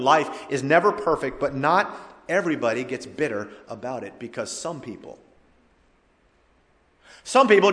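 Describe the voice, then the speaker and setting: A man preaching a sermon as pastor, with dynamic delivery that swells to loud emphatic cries and drops to quiet, low lines. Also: long reverb tail.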